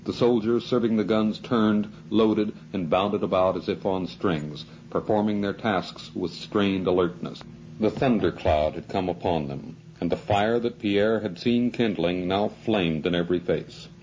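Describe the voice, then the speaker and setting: Male narrator with a low, dark voice for a measured novel reading, on a dull-sounding mic. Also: slight background noise. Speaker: audiobook narrator. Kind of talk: scripted narration.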